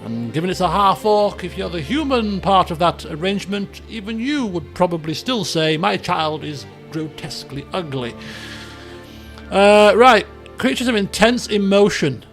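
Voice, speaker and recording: A man's voice: high-pitched, lively intonation, moderate pace, hardly any pauses, fairly bright tone, soft background music. A young adult man streaming a game, chatting and musing aloud in a jokey, casual way.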